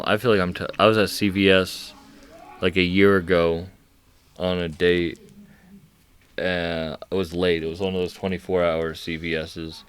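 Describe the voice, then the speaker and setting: This young man has a low, smooth and clear voice. He tells relaxed, easygoing stories in casual podcast chat and laughs along as he goes. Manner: laid-back, laughing storyteller. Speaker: podcast guest or host.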